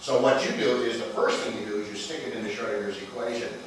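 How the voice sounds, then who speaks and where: A man's voice: mid-range voice, fast. A man teaching a physics class, playful and theatrical, often putting questions to the class. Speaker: physics lecturer. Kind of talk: classroom lecture. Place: lecture hall. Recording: echoey lecture hall, distant, faint noise.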